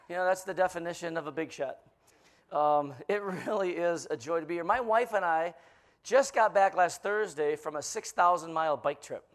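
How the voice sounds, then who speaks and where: A man in his fifties with a notably high-pitched voice preaches as a guest pastor. He fills his sermon with jokes and playful teasing of the congregation, telling stories with lively animation. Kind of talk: joke-filled sermon.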